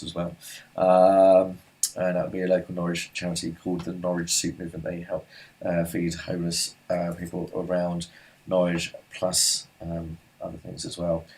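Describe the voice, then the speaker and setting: A man's voice: low-pitched, a little mellow. A man hosting an online pub quiz, reading out answers in a chatty, rambling way with lots of asides and fillers.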